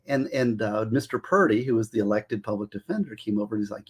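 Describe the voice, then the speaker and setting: A man who works as a public defender tells stories about his career in casual, animated talk, acting out the voices of the people he quotes. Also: lowish voice, quick pace, slightly rough. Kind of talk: casual storytelling monologue.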